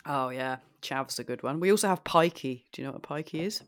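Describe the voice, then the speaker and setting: A woman's voice: extremely low pitch, fast talker, no room sound. A young woman from southeast England with a southern English accent, co-hosting a casual podcast chat, laughing often and hedging with fillers. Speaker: podcast co-host.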